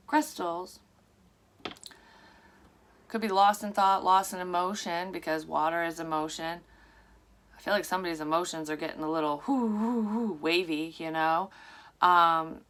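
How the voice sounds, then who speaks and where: A middle-aged woman, a psychic medium, telling a dream in a rambling, profane, animated way from her room. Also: lowish voice. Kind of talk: casual storytelling of a dream. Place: her room at a tarot table.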